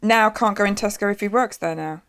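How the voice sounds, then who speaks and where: A woman's voice: mid-range voice, brisk, vocal fry, a bit bright, clean tone. A woman with a Yorkshire accent, co-hosting a casual podcast, teasing her friends and often laughing. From England. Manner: teasing, giggly. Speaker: podcast co-host. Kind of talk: casual chat.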